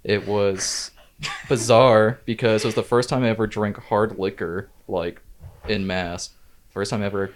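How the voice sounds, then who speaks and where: A man telling a casual story on a podcast, laughing often, swearing and loudly acting out quotes. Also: on the low side, fairly even intonation, a little slow, slight background noise. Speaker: podcast guest. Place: living room in a house.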